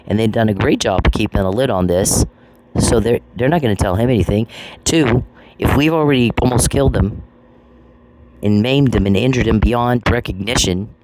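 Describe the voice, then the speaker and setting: A man hosting a podcast, ranting in a scornful, taunting way, repeating phrases and swearing. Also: fairly low pitch. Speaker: podcast host. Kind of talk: angry podcast rant. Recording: noisy with clicks.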